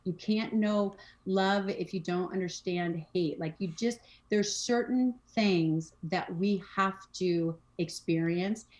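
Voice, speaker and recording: A woman's voice: on the low side, slow pace, few pauses, a little mellow. A woman talking as a podcast guest, casual and emphatic, often repeating phrases and acting out what people say. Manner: emphatic, repeats phrases, acts out quoted speech. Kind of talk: casual conversation on mental health and spirituality.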